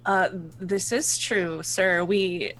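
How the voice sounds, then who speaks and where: An apologetic knight, voiced by a man in a tabletop game, answering a king's question. The speech is very slow and halting, and the voice is high for a man. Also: fairly even intonation, a bit bright, a little hiss or hum. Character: Sir Elaine, apologetic male knight.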